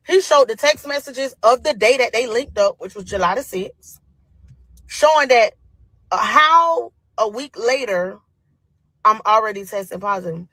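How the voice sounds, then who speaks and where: Husky woman retelling gossip. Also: a little high, lively intonation, measured pace, a bit bright, no echo, poor audio. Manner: gossipy, retells with quoted voices. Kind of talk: casual storytelling rant.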